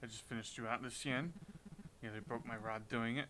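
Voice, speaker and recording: A man's voice: mid-range voice, steady tone, a little fast, noisy background, close to an everyday voice. A man doing a folksy, easygoing fisherman. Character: gruff male fisherman, folksy, helpful.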